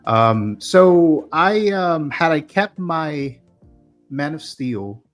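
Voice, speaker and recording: A man's voice: fairly high pitch, lively intonation, very slow, faint music behind. A man filling in as co-host on a casual livestream, speaking hesitantly with many ums and restarts. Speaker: guest co-host.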